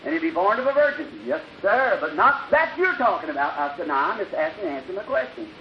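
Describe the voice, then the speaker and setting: Preaching fast in the old-time revival style, a man with a high, thin voice acts out the dialogue of his story, shifting abruptly from loud bursts to hushed lines. The lo-fi recording sounds dull and carries a steady hiss.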